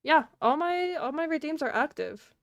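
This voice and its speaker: Woman streamer, higher voice, dry close sound, loose scattered chatter aimed at her chat. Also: animated, normal speed, no echo, lo-fi sound. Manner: chatty and scattered, laughing often, talking to chat. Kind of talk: casual live-stream chat.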